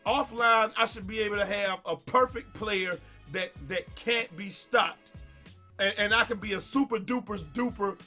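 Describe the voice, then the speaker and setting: A man's voice: high-pitched, normal speed, pushed and bright, soft background music. A man who makes gaming videos, ranting in an exasperated way over gameplay, with stammered repeats and swearing. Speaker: gaming YouTuber.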